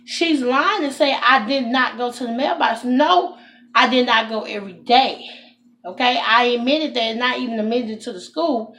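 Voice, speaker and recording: A woman with a drawl tells a casual storytime straight to camera, her voice sitting a little high. She talks in an animated, indignant way and keeps turning to her viewers. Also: normal speed. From Texas. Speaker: vlogger.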